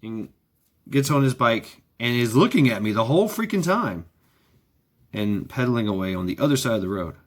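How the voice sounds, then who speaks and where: A man's voice: mid-range voice, very animated, moderate pace. A man vlogging in a sarcastic ranting monologue, repeating himself, swearing freely and firing off rhetorical questions.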